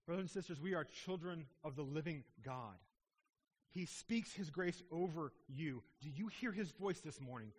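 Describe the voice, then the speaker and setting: A man in his thirties preaching a sermon as a pastor in a church sanctuary, impassioned and then dropping to a hushed tone at tender moments. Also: on the high side, moderate pace, husky. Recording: long hall reverb.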